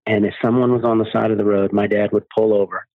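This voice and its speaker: A man's voice: lowish voice, level tone, fast, no room sound. Earnest man on a tinny line. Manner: earnest storyteller. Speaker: guest, charity founder giving cars away. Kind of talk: interview conversation. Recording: dry, phone-like narrow sound.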